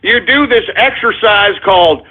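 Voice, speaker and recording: A man's voice: sits high, normal speed. A man hosting a talk radio show, ranting and rambling, repeatedly asking "all right?", over a tinny phone-line sound.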